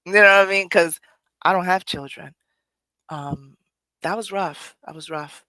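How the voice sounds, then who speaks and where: A host talks through a personal reflection in an earnest, loose way, backing up and restarting phrases and letting a curse slip now and then. The voice sits at a middling pitch and is recorded close and dry, with no room sound. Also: unhurried, pushed and bright, no echo. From Puerto Rico. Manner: earnest, conversational, often restarts phrases, swears casually. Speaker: podcast host.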